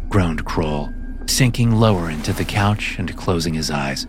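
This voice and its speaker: A man giving scripted audiobook narration in a measured storytelling manner. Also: low-pitched, animated. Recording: narration with music bed. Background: music.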